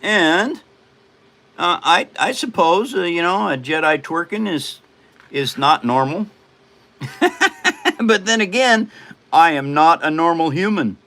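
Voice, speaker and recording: Bright-voiced man in his seventies. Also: a little high, animated, takes it slowly, pauses often. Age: 70s. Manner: joking, rambling, laughs often. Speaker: livestream host. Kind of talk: casual livestream chat.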